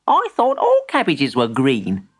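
A woman's voice: very deep voice, huge pitch swings, a little slow, husky, full character voice. A woman voicing an earnest, polite young boy. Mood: eager, earnest. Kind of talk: storybook voice acting.

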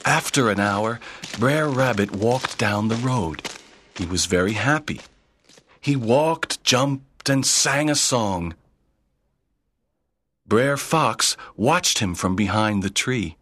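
A man's voice: medium pitch, lively intonation, takes it slowly, a bit bright. A man reading a children's story aloud in plain, simple sentences. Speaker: narrator. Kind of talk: slow read-aloud storytelling.

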